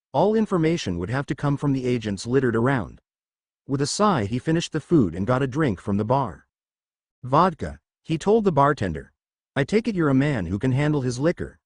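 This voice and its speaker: A man reading a fan-fiction story as narrator, in an animated storytelling manner. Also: medium pitch, dry recording, clean studio sound.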